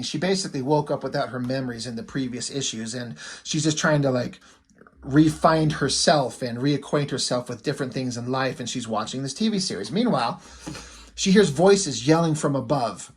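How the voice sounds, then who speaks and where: Rambling husky-voiced guy recapping a comic. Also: medium pitch, normal speed. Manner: rambling, filler-heavy, swears freely. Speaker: comic book reviewer.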